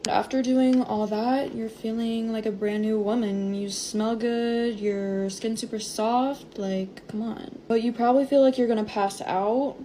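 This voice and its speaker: Gushing woman, mellow tone, casual beauty vlogger, faint background hiss. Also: on the high side, steady tone, a little slow, hardly any pauses. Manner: enthusiastic, gushing, conversational. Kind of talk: casual beauty routine vlog.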